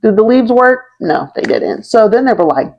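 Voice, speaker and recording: A woman's voice: fairly high pitch, sing-song, normal speed, darkish tone, highs cut off. A young woman telling a history story in a casual, slangy way, laughing along and checking in with her listeners. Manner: chatty and slangy, often checking in with "right?" and "okay?". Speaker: history vlogger.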